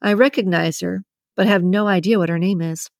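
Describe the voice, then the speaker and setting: A woman reading a first-person romance novel aloud in a breathy, intimate narration. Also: fairly low pitch, fairly even intonation, fairly quick, a little mellow, no room sound, clean studio sound. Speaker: audiobook narrator.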